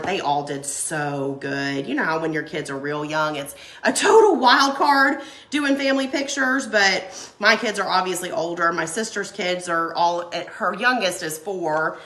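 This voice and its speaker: This craft livestream host has a cold, and her lowish voice sounds animated and a bit bright as she talks at a normal speed. The sound is reverberant. She crafts while chatting casually, laughing and replying to viewer comments.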